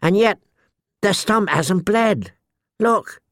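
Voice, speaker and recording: A man's voice: high voice, animated, slow pace, fairly bright tone, no echo, studio quality, voice pushed up, heavily acted. A man voicing a nervous, heavy young man who stammers and breaks off mid-phrase.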